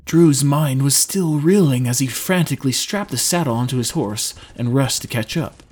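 A man narrating a fantasy audiobook in an expressive storytelling manner. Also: medium pitch, moderate pace, husky.

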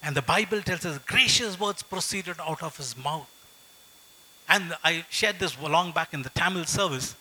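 A man's voice: a little high, moderate pace, sharp tone, rough recording. A middle-aged male pastor preaching a sermon, emphatic, repeating phrases and telling stories from his life.

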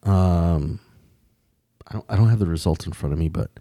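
A man's voice: low voice, normal speed, dark tone, dry recording, clean studio sound. A man in casual conversation, rambling with frequent restarts and casual swearing. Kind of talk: casual chat.

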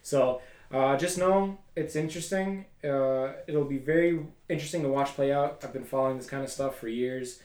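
A man's voice: mid-range voice, moderate pace, darkish tone, roomy sound. A man hosting a podcast, chatting casually and rambling at length with many fillers. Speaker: podcast host. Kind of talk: casual chat.

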